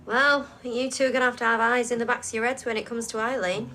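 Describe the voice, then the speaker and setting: An actress playing a suspicious grown-up daughter, sarcastic and accusing, in a TV soap. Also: female voice, on the high side, steady tone, fast, pushed and bright, a little hiss or hum. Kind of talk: TV soap drama acting.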